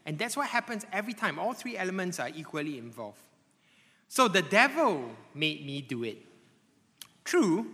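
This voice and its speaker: A man preaching a sermon to a congregation, animated and conversational, often checking in with tag questions like "right?" and "okay?". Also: high-pitched. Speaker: pastor. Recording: long hall reverb.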